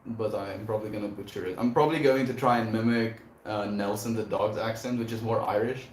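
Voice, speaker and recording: A man's voice: on the low side, fairly even intonation, fairly quick, a little mellow, slight background noise. A man hosting a livestream, chatting casually and affectionately with viewers in a laid-back way. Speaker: livestream host. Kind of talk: casual chat reading viewer messages. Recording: echoey room.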